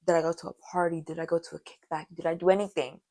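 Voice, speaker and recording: A young woman in her late teens, with a hoarse voice that sounds deep to her, chatting in a rambling, self-mocking way while she bakes for a vlog. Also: level tone, quick pace, dark tone, slight background noise. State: hoarse from karaoke. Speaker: vlogger. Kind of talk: casual baking vlog chat.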